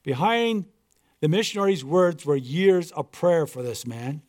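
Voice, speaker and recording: High-voiced man reading a story. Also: expressive, unhurried, a little mellow. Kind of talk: read-aloud story narration.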